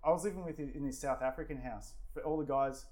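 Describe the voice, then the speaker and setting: A man's voice: mid-range voice, fast talker, darkish tone. An Australian man in his forties, a guest telling rambling stories in casual chat, swearing freely and leaning on fillers. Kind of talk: casual storytelling.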